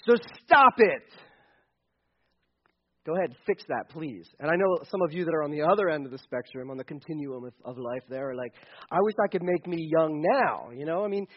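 Joking, high-voiced preacher. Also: male voice, expressive, a little fast. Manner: chatty, joking, with restarts. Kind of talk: sermon. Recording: dull lo-fi recording.

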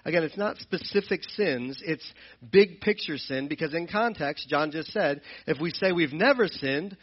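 A man's voice: a little high, expressive, moderate pace, breathy edge, lo-fi sound. A man teaching from the Bible in an earnest, explanatory way, often repeating and restarting his phrases. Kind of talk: sermon-style Bible teaching.

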